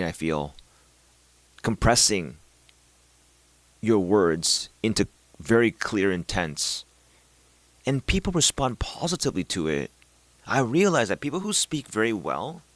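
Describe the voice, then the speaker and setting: A man's voice: lowish voice, a bit bright, dry recording. A man talking in a casual, unscripted monologue, rambling and thinking aloud with many fillers and restarts, now and then swearing in passing. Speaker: vlogger.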